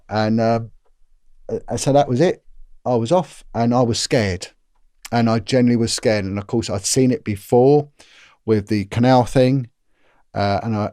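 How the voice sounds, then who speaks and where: A middle-aged man, a former police officer, recounting events in an interview in an earnest, grave way, halting often and repeating words as he restarts. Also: on the low side, mellow, no echo, studio quality.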